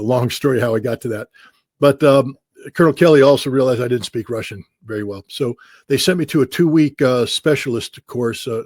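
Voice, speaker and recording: A man tells long anecdotes with a wry, self-mocking humor, often breaking into laughter. His voice is husky and mid-pitched, and the recording sounds close and dry. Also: a little mellow, no echo. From United States. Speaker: interview guest. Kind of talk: anecdotal storytelling.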